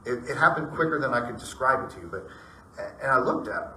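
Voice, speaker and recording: A man's voice: medium pitch, quick pace, distant mic, slight background noise. A middle-aged man telling personal ghost stories to a group in a casual, rambling way, acting out what people said. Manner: rambling, animated retelling with acted-out dialogue. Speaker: storyteller. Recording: echoey room, voice from off-mic.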